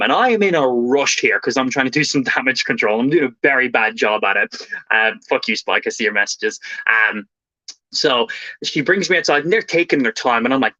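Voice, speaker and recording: A young Irish man streaming live, telling a story in a fast, animated way and swearing casually. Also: mid-range voice, dry recording, lo-fi sound.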